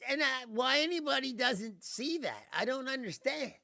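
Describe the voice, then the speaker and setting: A man's voice: very high voice, expressive, normal speed, gravelly, pushed and bright, no room sound, clean studio sound. A man hosting a livestream, ranting casually with profanity and frequent laughter, mocking people in impressions. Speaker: livestream host. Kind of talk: casual ranting political monologue.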